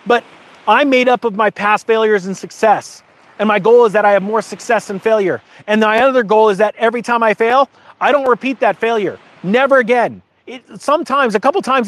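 A middle-aged man hosts his own channel, talking casually to camera in a high-pitched, slightly bright voice. He speaks emphatically, rambles, and gets emotional.

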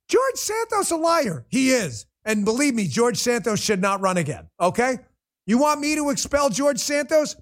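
A man with a very high-pitched, wildly swinging voice hosts a political livestream. He rants in a blunt, profane, exasperated way and talks straight to his chat. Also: a bit bright. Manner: addresses viewers in the chat directly. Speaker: political commentary host. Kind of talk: livestream commentary rant.

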